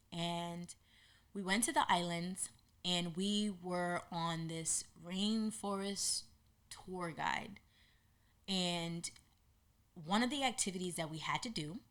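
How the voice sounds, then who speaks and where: A woman hosting a podcast, telling a personal story in an animated way and acting out what people said. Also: lowish voice. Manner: animated, acts out quotes in lively voices. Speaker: podcast host.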